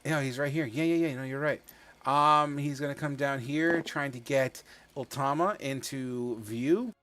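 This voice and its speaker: A game master runs a tabletop game, loosely narrating rolls and attacks in a bright, forward, medium-pitched voice at a measured pace. He jokes, swears casually and trips over words occasionally, with soft music playing behind him.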